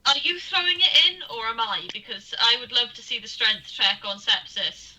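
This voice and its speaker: A woman's voice: fairly high pitch, normal speed, sharp tone, poor audio. A woman as a player in a tabletop game, questioning and wry. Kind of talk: casual tabletop play.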